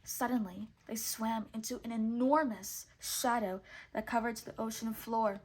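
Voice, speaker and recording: A woman reading a children's storybook aloud in clear, measured narration. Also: on the high side, steady tone. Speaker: storybook reader.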